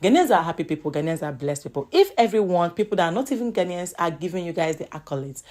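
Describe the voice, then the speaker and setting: A woman's voice: on the low side, sing-song, fast, darkish tone. A woman hosting a vlog, earnest and encouraging toward viewers. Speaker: host. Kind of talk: vlog commentary.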